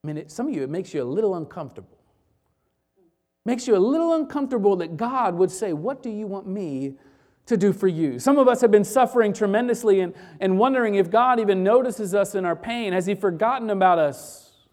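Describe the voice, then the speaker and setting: A pastor preaching a sermon who swings between loud emphatic bursts and quiet, hushed passages. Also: mid-range voice, animated, fast.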